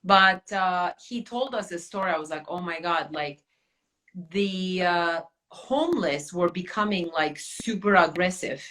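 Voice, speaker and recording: Woman host, bright tone, chatty and rambling. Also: on the low side, a little slow. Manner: chatty, many fillers and restarts. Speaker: podcast host. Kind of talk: casual chat.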